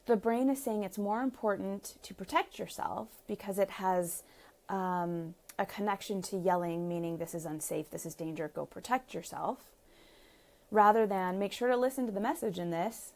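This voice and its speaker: Speaking at a normal pace in a mid-range voice, a female relationship coach chats with viewers during a live-streamed advice session. She laughs a lot and acts out the things partners say.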